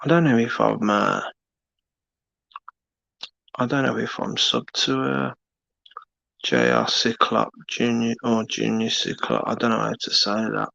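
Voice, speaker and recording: A man with a Birmingham accent drifts through casual late-night live-stream chat at an unhurried crawl. He rambles, pauses and fills the gaps. His voice is gravelly, and the recording sounds dull and lo-fi. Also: mid-range voice, animated, bright, forceful tone, no room sound. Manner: slow, rambling, halting with many fillers.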